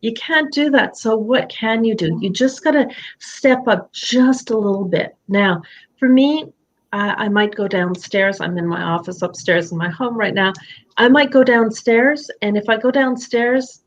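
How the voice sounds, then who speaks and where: A woman's voice: a little high, measured pace, lo-fi sound. A woman coaching a client in a live session from her home office, talking expressively and acting out quoted thoughts in other voices. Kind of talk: candid coaching conversation.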